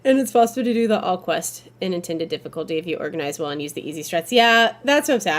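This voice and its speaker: A woman streamer chatting casually with her viewers while playing a game, rambling and hedging as she talks. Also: low voice. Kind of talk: casual gameplay commentary.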